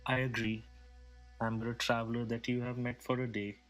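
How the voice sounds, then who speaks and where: A man playing a calm, persuasive male desert traveler in a tabletop game, measured and reassuring. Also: mid-range voice, soft background music, lightly acted.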